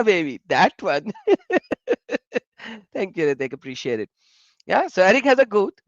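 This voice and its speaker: A man's voice: high voice, dry recording, highs cut off. A man hosting a live stream in casual chat, telling stories animatedly and talking to viewers in the chat. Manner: animated, laughing storyteller who addresses chat viewers.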